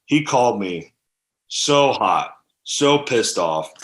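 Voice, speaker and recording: A lowish-voiced man in his thirties spins candid stories in a casual interview, full of fillers and asides. His voice rings in a roomy, echoey space. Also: slow pace, a little hiss or hum. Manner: animated, candid storytelling with fillers. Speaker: podcast guest, former NFL tight end.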